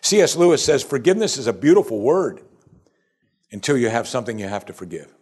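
A man preaching a sermon in a voice of ordinary middle pitch. He presses his points with rhetorical questions. He pushes up to loud, high emphasis, then drops to hushed, low passages. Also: sing-song, fast, slightly rough. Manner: rising to emphatic peaks, then dropping to soft and quiet; asks the congregation repeated rhetorical questions. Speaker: pastor.

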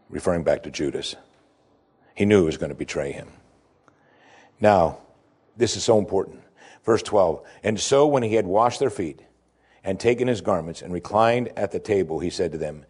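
A man preaching a sermon, explaining scripture with emphasis that rises sharply in pitch. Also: normal speed, pauses often, slightly rough. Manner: animated preaching, voice climbing high for emphasis. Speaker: pastor.

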